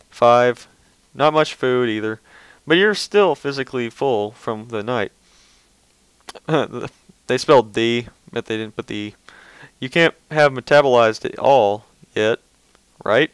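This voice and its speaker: A man's voice: medium pitch, a bit bright, clean tone, no echo, poor audio. A man reading fan fiction aloud, often stumbling over words and breaking off into casual, offhand asides. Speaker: reader.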